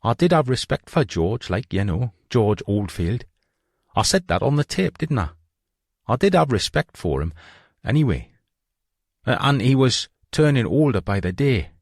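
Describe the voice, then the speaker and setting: A man voicing a remorseful middle-aged man with a Geordie accent, confessing to police in halting, rueful phrases. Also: mid-range voice, big pitch swings, no room sound, studio quality, pitched above the performer's own voice. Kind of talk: audiobook reading.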